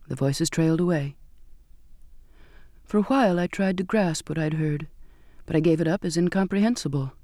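A man reads a first-person audiobook story in an even, storytelling way. His voice is fairly high for a man but mellow and soft-edged. The recording is dry and close, with no room sound. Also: moderate pace, long pauses, no room sound. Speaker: audiobook narrator.

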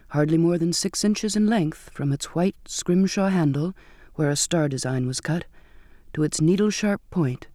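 A man reads a first-person audiobook story in an even, storytelling way. His voice is fairly high for a man but mellow and soft-edged. The recording is dry and close, with no room sound. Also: no echo. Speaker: audiobook narrator.

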